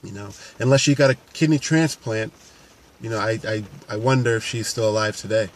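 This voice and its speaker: Earnest male coach, lower voice, unscripted to-camera talk over faint traffic. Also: steady tone, fairly quick. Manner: earnest, unscripted, many restarts. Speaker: paramedic and fitness coach.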